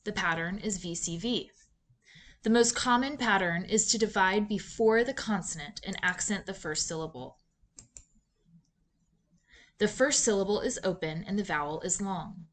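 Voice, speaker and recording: A woman giving scripted instructional narration for a reading lesson, in a clear, measured, deliberate teaching delivery. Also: medium pitch. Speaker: literacy instructor.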